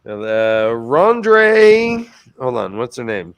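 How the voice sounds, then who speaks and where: Slow-talking man doing a profane recap. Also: medium pitch, fairly bright tone, clear, resonant tone. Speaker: podcast co-host summarizing book chapters. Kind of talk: casual chat.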